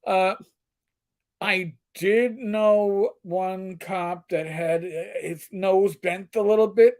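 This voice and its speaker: This middle-aged co-host speaks slowly in a high register, his tone steady and somewhat dark. He spins stories in relaxed conversation, joking crudely and now and then adopting funny voices.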